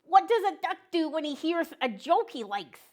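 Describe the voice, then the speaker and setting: A woman's voice: high voice, very animated, normal speed, darkish tone. A woman voicing a joke-loving male mallard duck who tells puns and quacks between lines in a children's show. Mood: jokey. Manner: punny, bursts into quacking.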